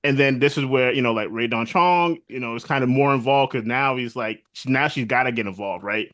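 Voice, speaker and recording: A man co-hosting a podcast, talking through a movie in a relaxed, easygoing way. His voice sits in a middle pitch, and he keeps checking in with his co-hosts with "right?" and "man". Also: brisk. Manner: laid-back, peppers talk with "man" and "right?". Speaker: podcast co-host. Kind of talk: casual movie review chat.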